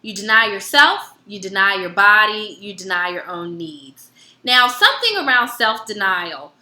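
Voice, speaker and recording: Woman wellness educator, bright lively storyteller, roomy echo. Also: medium pitch, moderate pace. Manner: animated, acts out both sides of dialogues. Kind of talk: casual teaching with personal stories.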